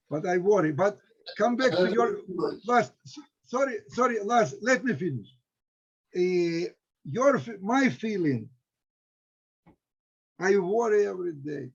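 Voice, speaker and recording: Halting, husky Ukrainian man. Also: high-pitched. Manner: halting non-native English, emotional, many restarts. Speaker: historian, center director. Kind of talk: discussion with students. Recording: dull lo-fi recording.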